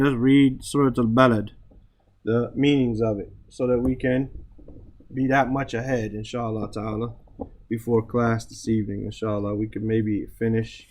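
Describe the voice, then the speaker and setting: Patient man teaching Arabic grammar. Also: medium pitch. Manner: explains patiently with frequent "right?" checks; recites Arabic verses then translates. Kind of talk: classroom grammar lesson.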